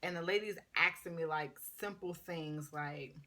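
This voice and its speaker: A woman's voice: on the low side, moderate pace. A woman in her thirties, a paramedic student, telling a story in a casual, chatty vlog. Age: 30s. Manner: chatty, animated retelling full of "like".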